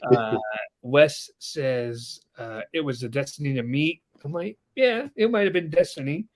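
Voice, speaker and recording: A Denver, Colorado man in his twenties co-hosts a casual wrestling podcast, animatedly telling stories and acting out quotes. His voice sits on the high side at a measured pace.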